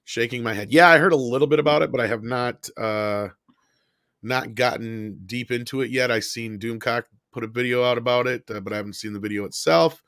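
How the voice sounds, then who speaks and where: A man's voice: mid-range voice, fairly quick, a bit bright, dry recording. Male co-host, wry and profane, reads viewer chats; dry, close recording. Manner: wry, swears casually, reads viewer messages. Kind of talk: casual livestream chat.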